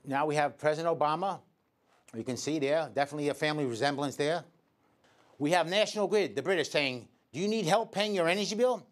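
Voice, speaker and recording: New electrician host, high-pitched voice, sarcastic editorial rant. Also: male voice, quick pace. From Staten Island, New York. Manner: indignant, sarcastic, addresses people directly. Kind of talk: scripted editorial commentary.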